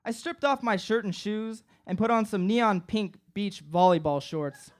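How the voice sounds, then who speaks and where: A man's voice: high voice, a little slow. A young man performing a comic personal story live on stage, acting out his friends' voices. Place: live stage before an audience.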